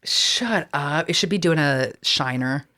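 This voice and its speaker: A woman's voice: low-pitched, a little slow, bright, forceful tone. A woman from Texas with a Texan accent, talking casually as a podcast host, chatty and full of fillers with casual swearing. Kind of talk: casual chat.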